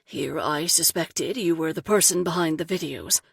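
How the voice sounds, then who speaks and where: A man's voice: on the high side, moderate pace, gravelly, a bit bright, husky, dry recording, studio quality, full character voice. A woman doing a tearful, choked-up man. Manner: choked up, hesitant. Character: tearful middle-aged man, a closeted mayor.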